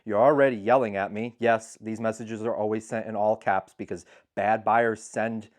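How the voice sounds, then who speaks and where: Low-voiced man giving frank seller advice. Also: fairly even intonation, moderate pace. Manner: frank, matter-of-fact advice with mocking quoted voices. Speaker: eBay seller and channel host. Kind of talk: casual explainer talk to camera.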